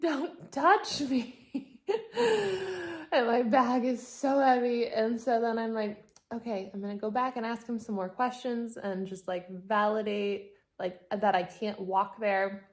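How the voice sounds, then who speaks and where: A woman's voice: fairly high pitch, a little slow. A woman vlogger casually recounting a hard travel day, acting out the people she met and laughing often. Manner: animated, acts out quoted exchanges, laughs often. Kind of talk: casual storytelling vlog.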